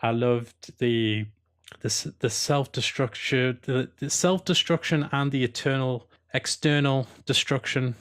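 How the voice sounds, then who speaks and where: A man's voice: medium pitch, fairly even intonation, unhurried. A man from Newcastle upon Tyne with a Geordie accent, giving an opinionated, rambling review as a video host. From Newcastle upon Tyne, England. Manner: opinionated, rambling with restarts, given to rants. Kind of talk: casual commentary.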